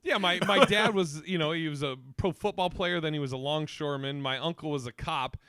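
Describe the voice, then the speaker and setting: A man hosting a casual comedy podcast, telling stories in an animated way, laughing and swearing. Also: on the high side, a little fast, clear, resonant tone, no echo, studio quality. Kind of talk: casual chat, storytelling.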